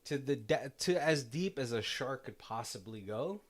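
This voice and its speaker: A man co-hosting a casual movie podcast, talking in a rambling, animated way and laughing often. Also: medium pitch, moderate pace. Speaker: podcast co-host.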